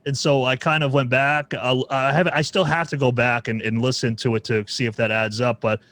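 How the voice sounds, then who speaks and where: A man hosting a casual music podcast, rambling as he works through his thoughts. His voice sits at an ordinary middle pitch. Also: fairly even intonation, fairly quick, a bit bright. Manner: rambling, full of restarts and fillers. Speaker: podcast host.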